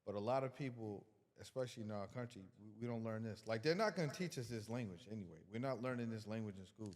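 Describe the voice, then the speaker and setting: A man's voice: fairly low pitch, quick pace, big-room sound. A man guest on a podcast giving a casual motivational talk, emphatic and colloquial, repeating words as he builds his point.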